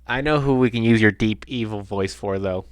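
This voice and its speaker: A man's voice: lowish voice, normal speed, clear, resonant tone, dry recording, clean studio sound. A man hosting a let's play, chatting casually and sarcastically with heavy swearing. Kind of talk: casual gaming commentary.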